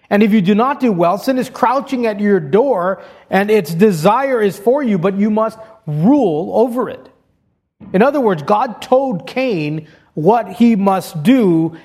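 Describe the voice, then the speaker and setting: A man's voice: high voice, a little mellow. A man preaching an expository sermon, reading scripture aloud and explaining it step by step in an earnest way.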